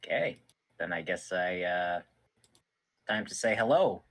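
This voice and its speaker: A man playing a tabletop game, making soft, wry in-character remarks. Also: sits low, lively intonation, measured pace. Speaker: player.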